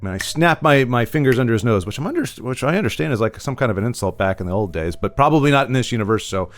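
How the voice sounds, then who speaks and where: Male tabletop player with a lively, hesitant, casual delivery. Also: medium pitch, very fast, faint music behind. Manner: hesitant, filler-heavy, animated. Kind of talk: casual tabletop game chat.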